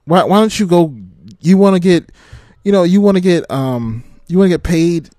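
A man's voice: high-pitched, moderate pace, warm tone, no echo, studio quality. A man who drives trucks, ranting casually and profanely, often breaking into laughter. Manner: profane, rambling rant with frequent laughter. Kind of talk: casual rant to camera.

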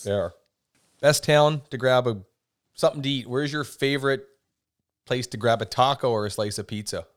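Smooth-voiced, teasing male host. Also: mid-range voice, normal speed, pauses often. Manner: teasing, jokey questions. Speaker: interview host. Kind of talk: casual interview.

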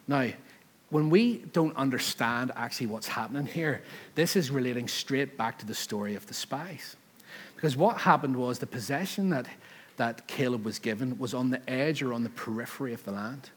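A man preaching a sermon in a chatty style, acting out the people in the scripture stories and rising to loud, emphatic peaks. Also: medium pitch, normal speed, husky. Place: church service.

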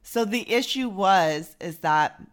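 A woman's voice: medium pitch, animated, slow. Blunt, laughing woman podcast co-host. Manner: blunt, swears freely, laughs often. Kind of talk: casual chat.

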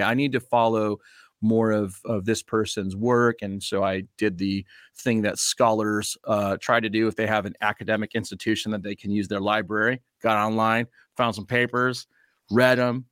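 A man's voice: lowish voice, fairly bright tone, dry recording. Guy hosting a podcast, lots of ums, dry close sound. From United States. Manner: rambling, many ums and uhs, friendly. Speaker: podcast host and pastor. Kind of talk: casual podcast interview.

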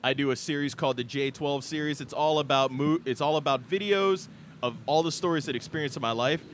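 A man's voice: a little high, fairly quick, slight background noise. A man hosting a casual podcast, rambling and cracking crude jokes while running a party game. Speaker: podcast host.

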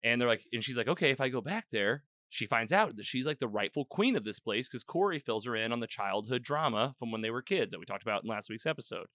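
Male host, casual recap chat; bright, crisp tone, dry studio sound. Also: mid-range voice, quick pace, hardly any pauses, dry recording. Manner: rambling, animated retelling with quoted lines. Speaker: podcast host.

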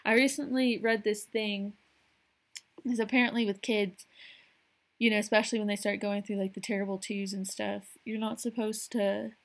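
A woman's voice: medium pitch, flat delivery, moderate pace. Rambling young woman podcaster. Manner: rambling, frequent "like" and "you know", laughs often. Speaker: podcast host. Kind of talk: casual solo podcast monologue.

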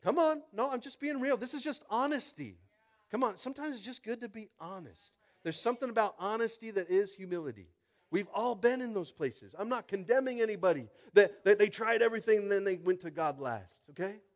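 A pastor preaches a sermon animatedly, throwing in call-and-response asides and swinging between loud and hushed. His voice is high and a little fast.

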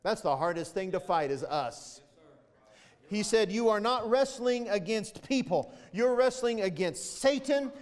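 A man's voice: high voice, in a large hall. A male pastor preaching an impassioned, emphatic sermon, growing emotional as he goes. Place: church sanctuary.

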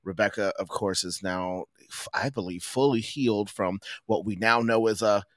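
A man's voice: fairly low pitch, steady tone, moderate pace, no room sound. A man in his forties hosting a podcast, easygoing and rambling with a chuckle now and then. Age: 40s. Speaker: podcast host. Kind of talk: casual podcast chat.

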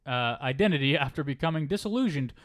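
A man's voice: on the high side, fast talker, no echo, clean studio sound. A man co-hosting a casual podcast, reading out news items and swearing freely as he talks. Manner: animated, swears often, reads out quotes. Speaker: podcast co-host.

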